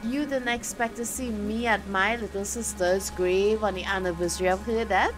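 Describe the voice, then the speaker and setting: A woman's voice: medium pitch, fairly even intonation, moderate pace, natural voice, rough recording. A woman reading the lines of a bitter older sister in mourning in a game, cold and cutting. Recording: game music behind.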